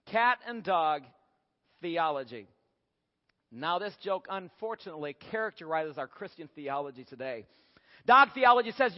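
A man delivers a sermon with animated, humorous storytelling. His voice sits high for a man. The recording is dull and lo-fi, with a long hall reverb. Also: moderate pace. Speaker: preacher. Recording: echoey hall, dull lo-fi sound.

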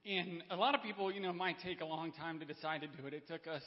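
A man speaks off the cuff from a church stage, stopping and restarting often and clearing his throat. His voice sits a little high for a man. The recording is dull and muffled, with a long reverb from the hall. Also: little pitch movement, fast. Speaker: church member speaking to congregation. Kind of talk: unprepared personal storytelling. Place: church sanctuary.

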